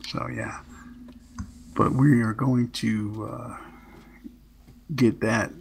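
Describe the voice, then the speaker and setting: Gravelly male host, slow joking delivery, faint keyboard noise behind. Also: medium pitch. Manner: relaxed, drawn-out, joking. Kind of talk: casual gaming chat.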